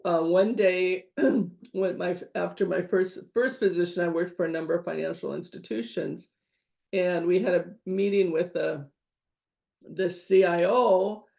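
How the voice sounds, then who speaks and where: Woman instructor, middle-aged, gravelly edge, chatty lecture, slightly dull lo-fi sound. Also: lowish voice. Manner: chatty, acts out her own inner voice. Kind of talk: lecture with personal story.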